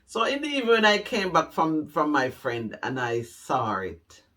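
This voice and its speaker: A man's voice: a little high, expressive, moderate pace, bright, forceful tone. A middle-aged Jamaican man telling his life story to camera, heartfelt and repeating phrases for emphasis. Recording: voice a bit distant from the mic.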